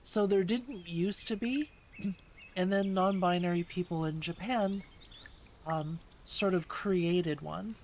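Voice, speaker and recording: A woman's voice: lowish voice, slow, a little mellow, a little hiss or hum. Chatty woman streamer. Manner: chatty, answers chat questions, slips into playful put-on accents. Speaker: streamer teaching Japanese. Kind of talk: casual livestream chat.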